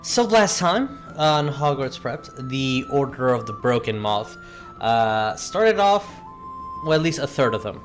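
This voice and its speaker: Give me a slow, halting male game master recapping a session over faint music. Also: medium pitch. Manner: slow, halting narration with many pauses.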